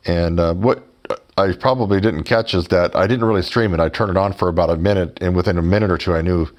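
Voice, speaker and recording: Sarcastic low-voiced man. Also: fast. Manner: sarcastic, mocking; addresses viewers directly as folks. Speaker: YouTuber. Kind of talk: sarcastic storytelling to camera.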